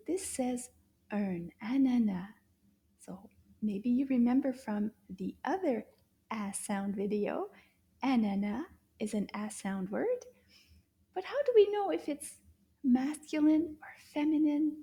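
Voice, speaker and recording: Slightly high-voiced woman, kids' French teacher, slow and warm, exaggerated delight. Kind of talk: children's language lesson.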